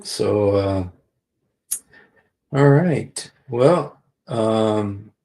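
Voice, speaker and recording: A man's voice: fairly low pitch, expressive, drawn-out words, mellow. A man hosting a casual livestream, rambling with many fillers and restarts. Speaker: livestream host.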